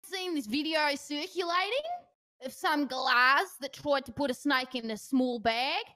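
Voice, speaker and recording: A woman's voice: high voice, a little slow, pushed and bright. Woman putting on a brash broad-Aussie wannabe singer. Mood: cocky. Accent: broad Australian. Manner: cocky slangy banter, broken grammar. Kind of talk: comedy sketch from a livestream.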